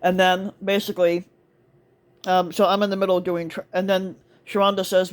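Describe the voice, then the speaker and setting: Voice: mid-range voice, little pitch movement, moderate pace, clear, resonant tone. A store cart attendant telling a work story in a casual monologue, rambling with lots of fillers, restarts and swearing.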